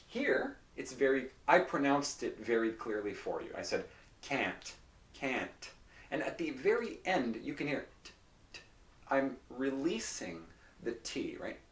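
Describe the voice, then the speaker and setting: A man teaching pronunciation. He explains patiently and repeats example phrases slowly and carefully. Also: mid-range voice. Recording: roomy echo, mic at a distance.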